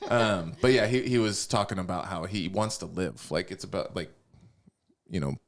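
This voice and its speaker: A man's voice: sits low, moderate pace. A man hosting a podcast, chatting casually and rambling through his thoughts with many restarts. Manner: rambling, restarts often, laughs easily. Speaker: podcast host. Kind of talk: casual chat.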